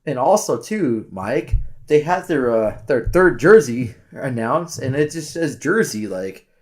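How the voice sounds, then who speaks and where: A man's voice: medium pitch, animated, measured pace, a little mellow. A man co-hosting a sports podcast in casual chat, rambling with many restarts and fillers and catching his own swearing. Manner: candid, self-correcting swears. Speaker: podcast co-host.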